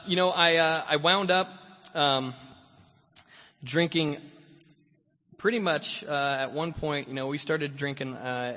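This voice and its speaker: A man with a mid-range, sharp-toned voice is the guest speaker at a meeting, giving a personal recovery talk. He rambles, filling nearly every line with "you know" and chuckling often. The meeting hall sounds echoey, and the recording is dull and lo-fi.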